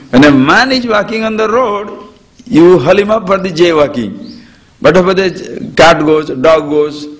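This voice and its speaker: A man talks through a spiritual discourse, his voice sitting a touch high and swooping widely up and down. He chuckles often and acts out homely examples as he teaches an audience.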